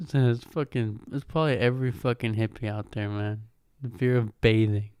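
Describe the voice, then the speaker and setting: A man's voice: fairly low pitch, steady tone, normal speed, a little mellow, clear, resonant tone, no echo. A man hosting a podcast, riffing in a mocking, profane way and laughing at his own jokes. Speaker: podcast host. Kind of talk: casual comedic monologue. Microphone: podcast microphone.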